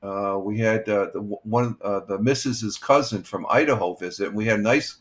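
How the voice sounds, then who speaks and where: A man's voice: fairly low pitch, normal speed. A man in his sixties, a retired firefighter, hosting a casual morning live stream and chatting with viewers in a rambling, easygoing way with many fillers. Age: 60s.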